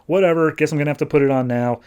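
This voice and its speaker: A man's voice: on the high side, very fast, a little mellow, smooth, natural voice. A man voicing a scheming, self-assured male billionaire villain while recapping a comic, in an offhand, smug way.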